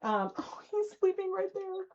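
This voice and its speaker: A woman's voice: extremely high pitch, big pitch swings, measured pace, darkish tone, slight background noise. Chatty woman, lo-fi stream. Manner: chatty, giggly, cooing baby talk to her dog. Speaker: fiber arts channel host. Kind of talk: casual live-stream chat while spinning yarn. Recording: lo-fi live-stream audio.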